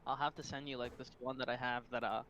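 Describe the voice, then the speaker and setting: A man's voice: medium pitch, little pitch movement, fast talker, very noisy. A young man co-hosting a stream, telling rambling stories with a lot of swearing and laughing. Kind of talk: casual stream chat.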